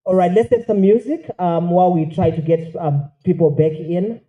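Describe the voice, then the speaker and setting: A man's voice: high-pitched, normal speed, narrow, tinny audio. A man with a Zimbabwean accent running the order of a formal event, informal and hesitant, with many ums.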